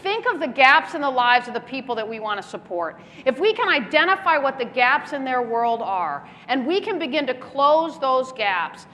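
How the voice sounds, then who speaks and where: A woman giving a keynote speech at a business luncheon, telling lively anecdotes and acting out the dialogue. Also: high-pitched, normal speed, few pauses. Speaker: keynote speaker. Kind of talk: keynote storytelling. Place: large luncheon hall. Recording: echoey hall, faint room noise.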